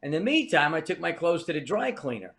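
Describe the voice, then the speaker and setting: Veteran comic guest, older man from New Jersey, high and bright. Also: big pitch swings, fairly quick, creaky. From New Jersey, US East Coast. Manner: wry, rambling storyteller. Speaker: comedian guest. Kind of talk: storytelling in a podcast interview.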